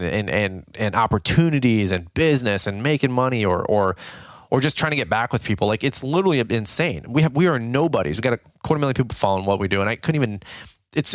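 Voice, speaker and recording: A man running a lawn care channel talks to his viewers in a loose, rambling way, tossing in "dude" and "okay?" as he goes. He speaks quickly and chattily. His voice sounds close and dry, with no room around it. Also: mid-range voice, no room sound. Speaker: lawn care business host. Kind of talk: casual business update to viewers.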